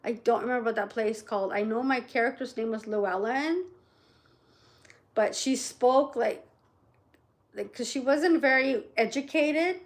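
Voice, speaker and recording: Middle-aged lady vlogging, kinda high voice, rambly and chatty, keeps saying right?. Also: moderate pace. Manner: rambling, chatty, frequent "right?" tag questions. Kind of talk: casual chat to camera.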